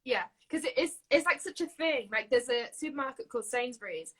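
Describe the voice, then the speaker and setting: A woman's voice: high-pitched, lively intonation, a little fast, breathy edge, rough recording. A young woman from Yorkshire with a Yorkshire accent, a singer-songwriter chatting as an interview guest, giggly and full of fillers. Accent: Yorkshire English. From Yorkshire, England. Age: young adult. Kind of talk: casual interview chat.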